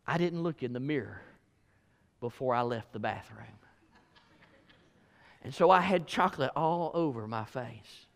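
A male pastor preaching a sermon, telling folksy stories and switching from loud emphasis to hushed asides. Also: high-pitched. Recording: echoey hall.

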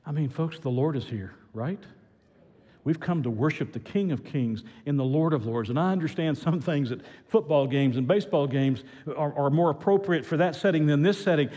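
A man preaching a sermon as pastor, swinging from loud excited build-ups to quiet earnest passages. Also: on the high side, normal speed, slightly rough, long reverb tail.

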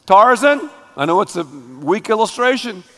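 High-voiced emphatic preacher in a hall. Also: male voice, very animated, normal speed, fairly bright tone. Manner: emphatic and dramatic, calls on the audience to repeat. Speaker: pastor. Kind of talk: sermon. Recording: long hall reverb.

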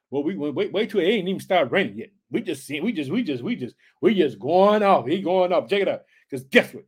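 Excitable high-voiced preacher man. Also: slightly rough. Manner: excitable, repeats catchphrases, drawn-out emphatic reading. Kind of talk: energetic Bible teaching.

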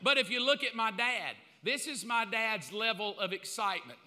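A man preaching a sermon with comic asides, bursting into loud acted-out calls now and then. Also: sits high, moderate pace, a little hiss or hum. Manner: comic, animated, acts out quotes in loud bursts. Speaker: pastor. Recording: long hall reverb.

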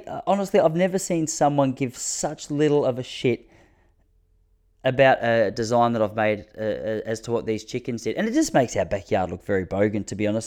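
A man telling rambling stories to his audience from his backyard, often restarting his sentences. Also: medium pitch. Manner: rambling, self-interrupting, drops to a hushed mutter when the neighbour passes. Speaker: vlogger talking to his audience. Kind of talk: casual storytelling monologue.

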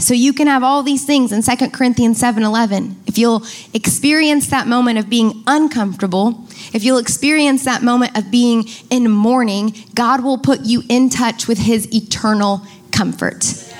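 A female pastor preaches to a congregation in church, lengthening key words for emphasis, speaking right to her listeners and asking them to repeat. She has a slightly high voice and a moderate pace.

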